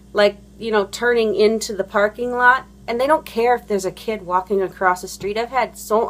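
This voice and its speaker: A woman's voice: medium pitch, fairly bright tone. A woman and parent ranting about other drivers in a casual, rambling monologue, blunt and profane, full of fillers and restarts. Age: adult parent. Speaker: vlogger.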